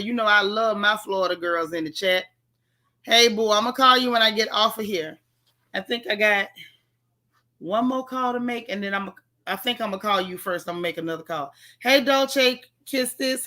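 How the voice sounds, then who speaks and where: A woman's voice: medium pitch, normal speed, pushed and bright. Tired, chatty woman live-stream host. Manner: chatty, greets viewers by name with folksy slang. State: tired, yawning. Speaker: livestream host. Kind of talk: casual live-stream chat.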